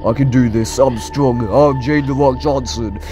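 A man's voice: medium pitch, fairly even intonation, normal speed, over loud music. A man giving let's play commentary on a horror game, jumpy, shrieking at scares and taunting the enemies. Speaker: gaming YouTuber.

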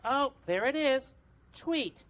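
A man voicing a big, friendly, childlike male bird on a children's TV show, gentle and eager to help. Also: extremely high pitch, lively intonation, slow pace, exaggerated voice. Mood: cheerful. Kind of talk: children's TV puppet comedy.

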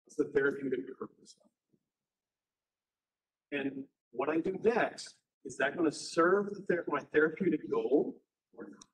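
A man, a university professor, telling stories in a casual classroom lecture, acting out the people in them in quick put-on voices. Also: a little high, rough recording.

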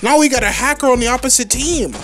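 A gaming YouTuber giving live gameplay commentary, ranting with sarcastic asides and yelping high when surprised. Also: fast talker, a bit bright, slight background noise. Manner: ranting, exclaims with sudden high yelps; sarcastic asides, calls others "sir" and "bro".

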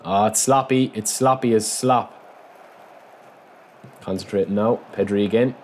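In an unhurried, fairly low voice, a man commentates his football video game match let's-play style. Chatting casually with viewers, he turns excitable at big moments, yelping and shouting at goals.

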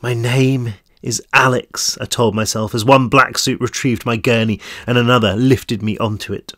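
A man's voice: mid-range voice, steady tone, normal speed, a bit bright, no echo, clean studio sound. A tired man, the author, reading his own novel aloud in first-person narration.

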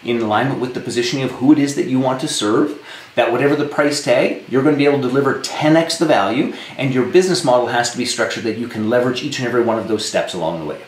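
A man's voice: medium pitch, fast. A man from Saskatchewan, a business coach giving a blunt, emphatic live-streamed coaching talk, swearing when worked up. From Saskatchewan, Canada. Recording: roomy echo with faint ambience.

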